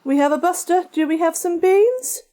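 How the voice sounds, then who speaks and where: A woman's voice: very high-pitched, normal speed. A woman streaming a game live, chatting casually and answering her viewers. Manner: chatty, animated, reads and answers chat.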